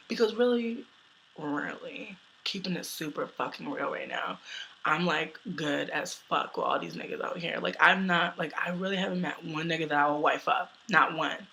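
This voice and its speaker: A young American woman telling a personal story in a loud, brash, profane way, laughing often. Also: lowish voice, moderate pace, gravelly, a little hiss or hum, low-quality recording. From United States.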